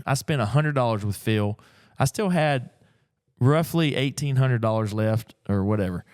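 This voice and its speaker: A middle-aged man, telling a story in a casual, folksy, animated way as an antiques picker. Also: mid-range voice, no echo, clean studio sound. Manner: animated, folksy, acts out the people in his stories. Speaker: antiques picker and auction dealer. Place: auction gallery.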